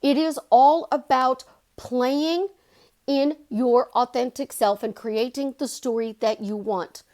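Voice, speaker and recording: A middle-aged woman with a fairly high voice, talking straight to her viewers as a life coach. Her delivery is animated and chatty, and she jumps up in pitch to stress a point. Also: slow. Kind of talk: casual vlog monologue.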